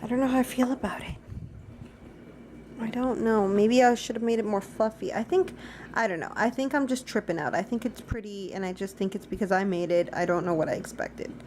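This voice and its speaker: A woman's voice: mid-range voice, a little fast, a little mellow, slight background noise. A young woman chatting through a casual daily vlog at home, rambling and talking to her dogs. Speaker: vlogger. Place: at home, indoors.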